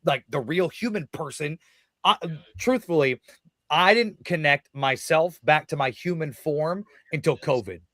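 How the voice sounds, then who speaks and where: A man in his thirties, a wrestler guest on a podcast, telling stories in a lively, profane way and acting out other people's voices. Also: a little high, no echo, clean studio sound. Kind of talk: podcast interview, casual profane storytelling.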